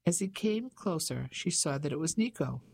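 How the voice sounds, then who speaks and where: An audiobook narrator reading a novel chapter in a steady, measured way. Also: medium pitch, creaky, breathy edge, rough recording. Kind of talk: scripted narration.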